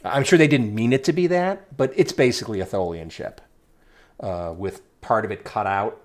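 A man co-hosting a podcast, chatting casually, opinionated and dry with deadpan asides, sometimes tripping over his words. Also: lowish voice, normal speed. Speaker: podcast co-host. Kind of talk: casual chat.

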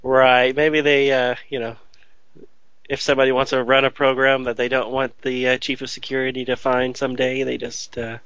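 Man, rambling podcast co-host, bright tone, dull dry recording. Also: medium pitch, completely flat delivery, moderate pace, smooth, no room sound. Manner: hesitant, rambling, self-deprecating. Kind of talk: casual chat.

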